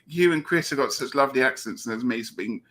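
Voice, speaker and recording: A man's voice: mid-range voice, animated, fast, fairly bright tone. A man with a Southern English accent hosting a casual live-stream chat, reading out viewer comments and laughing often. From England. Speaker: host.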